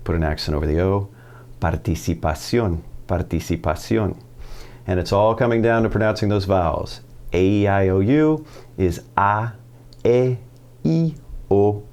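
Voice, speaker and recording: A man's voice: on the low side, a little mellow. A man teaching a casual Spanish video lesson, asking the viewer questions and answering them himself in an upbeat way.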